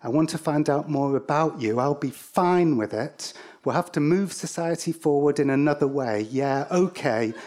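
A man quoting a bewildered, rambling female humanoid robot, with slow, halting, oddly disconnected replies. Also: on the high side, darkish tone, pitched above the performer's own voice, close to an everyday voice. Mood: dazed.

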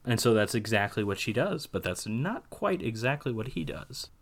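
A man with a low voice talks through a film in a loose, chatty podcast style. He rambles, laughs often and breaks into animated asides as he goes. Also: normal speed. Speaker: podcast co-host. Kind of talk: casual film discussion.

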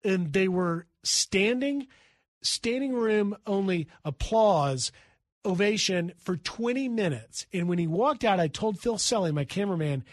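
A man, a news correspondent, telling a brisk, lively anecdote as a guest on talk radio. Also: high-pitched, no echo, clean studio sound. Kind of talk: animated radio storytelling. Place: radio studio.

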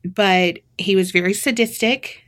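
A woman's voice: medium pitch, a little slow, a bit bright. A woman with a Southern American accent co-hosts a podcast and tells a crime story in casual chat. She laughs often and slips into voices to act out what people said. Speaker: podcast co-host.

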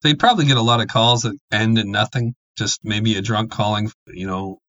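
Dry-humored low-voiced man co-hosting. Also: fairly quick, fairly bright tone, no echo, lo-fi sound. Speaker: podcast co-host. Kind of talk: casual chat.

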